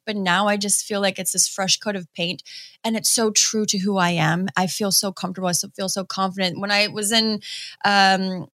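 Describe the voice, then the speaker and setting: A woman in her thirties from the Boston area, chatting excitedly as a guest in an interview and acting out quoted voices. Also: moderate pace. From Boston area, USA. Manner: excitable, acts out quoted voices with high swoops. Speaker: guest wrestler. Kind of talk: casual interview chat.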